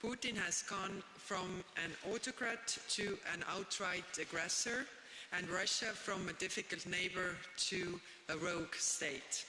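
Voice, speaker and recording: A woman gives a formal press statement in a very bright, sharp, tense voice. She speaks in a measured way and often pauses on "uh". The sound rings around a large echoey hall with a long reverb tail. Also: fairly low pitch, slight background noise. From Estonia. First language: Estonian. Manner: measured, with frequent "uh" fillers. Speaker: prime minister giving a statement.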